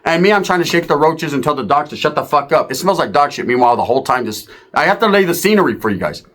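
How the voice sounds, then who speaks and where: A man with a somewhat high voice rattles off a vulgar street story at speed. He stays animated throughout, swearing and voicing the other people himself.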